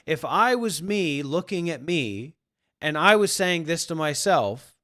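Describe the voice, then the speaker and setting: A man's voice: a little high, lively intonation, a little slow, bright, forceful tone, no echo, clean studio sound. A man who teaches spirituality, talking bluntly and profanely to viewers on a livestream. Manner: blunt and profane, acting out quoted voices.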